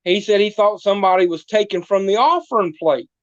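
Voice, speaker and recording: A man's voice: high-pitched, brisk, no echo, highs cut off. Folksy man spinning tall tales. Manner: folksy tall-tale teller, doing voices for the people in his stories. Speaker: guest playing a small-town mayor character. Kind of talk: comic storytelling in a podcast interview.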